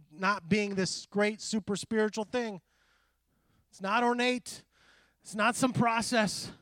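A middle-aged man preaching a conversational sermon, animated and full of quoted asides. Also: sits high, no echo, studio quality. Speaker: pastor.

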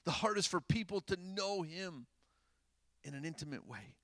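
A man preaching a sermon in a casual, animated way, rising to loud emphasis and dropping to hushed tones. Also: high-pitched, normal speed, no room sound.

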